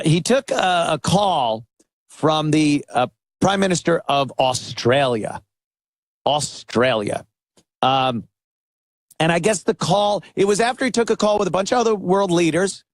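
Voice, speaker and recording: A man guest-hosting a talk-radio show, giving a sarcastic, animated opinion monologue. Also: a little high, a little slow, no room sound, clean studio sound.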